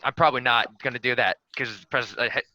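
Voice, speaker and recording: A man's voice: mid-range voice, fast, pushed and bright, no room sound, poor audio. A man doing a swaggering joke candidate. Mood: cocky. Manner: boastful, swaggering, crude jokes. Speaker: player giving a joke campaign speech. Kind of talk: comedic in-character campaign speech.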